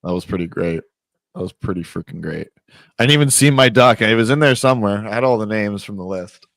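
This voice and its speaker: A man hosting a live trading stream in casual chat, excitable and swearing, calling out names like a race announcer. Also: on the low side, brisk, creaky, dry recording.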